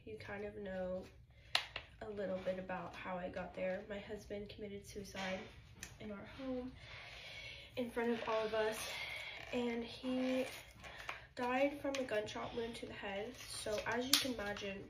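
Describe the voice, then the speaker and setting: A widowed mother telling a casual storytime in a subdued, halting way, with frequent pauses and ums. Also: medium pitch, fairly even intonation, reverberant, background noise.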